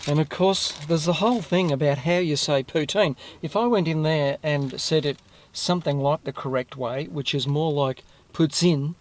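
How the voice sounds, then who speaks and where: A man's voice: a little high, darkish tone. An Australian man hosting a casual food review video, chatting to his viewers in a rambling way and correcting himself as he goes.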